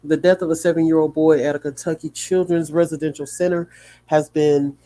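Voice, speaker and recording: Man, livestream host, sleepy, yawning, reads news aloud, slightly high voice, mellow tone, small slips.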